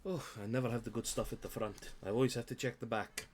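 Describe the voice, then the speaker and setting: A man's voice: mid-range voice, fairly even intonation, fast talker, darkish tone, a little hiss or hum, close to an everyday voice. A man voicing a friendly male magic shopkeeper in a tabletop game, greeting customers like a salesman. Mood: welcoming. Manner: welcoming, salesman-like.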